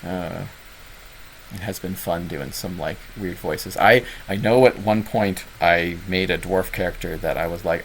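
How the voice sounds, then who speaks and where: A man with a Southern Ontario Canadian accent runs a gaming club's online office hours as a casual livestream, rambling with many fillers and self-deprecating jokes. His deep voice keeps a measured pace and has a fairly bright tone. A little hiss or hum runs through the rough recording.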